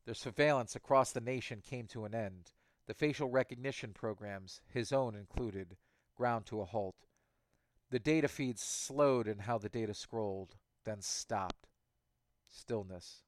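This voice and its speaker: A man narrating an audiobook in a steady, even reading voice. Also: on the low side, a little slow, no room sound.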